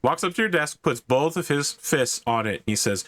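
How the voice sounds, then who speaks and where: A man's voice: on the high side, lively intonation, moderate pace, a bit bright. A man narrating as game master of a tabletop game, describing scenes in a laid-back way.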